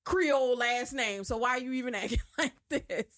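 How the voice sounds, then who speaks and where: A woman from the New Orleans area with a New Orleans accent, telling lively anecdotes in casual chat and acting out the people she quotes. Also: fairly high pitch, moderate pace, dry recording, clean studio sound.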